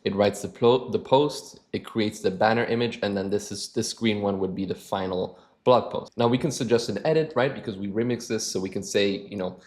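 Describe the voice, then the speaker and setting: A man hosting a casual screen-share tutorial, relaxed, restarting phrases and using filler words as he clicks through. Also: on the low side, brisk, few pauses. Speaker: channel host.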